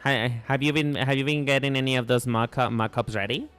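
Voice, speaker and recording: A man's voice: mid-range voice, fairly even intonation, a little fast, fairly bright tone, clear, resonant tone. A man with a Mexican accent, a native Spanish speaker, chatting casually on a live stream in a playful, rambling way full of restarts. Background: faint music.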